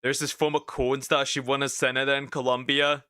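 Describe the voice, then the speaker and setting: A man's voice: medium pitch, level tone, fairly quick, sharp tone, smooth, no room sound, studio quality. A young man reacting to videos in casual live commentary, laughing often and repeating himself.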